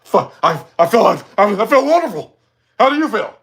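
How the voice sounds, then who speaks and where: A man voicing a huge, cheerful Australian trans woman in a loud, chirpy put-on voice that keeps saying "mate". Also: high-pitched, very animated, fairly quick, voice pushed up, full character voice.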